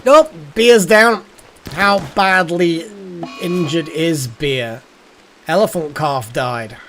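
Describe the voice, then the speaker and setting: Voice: medium pitch, slow pace, fairly bright tone, a little hiss or hum. A streamer giving live gameplay commentary, thinking aloud, muttering and swearing at the game.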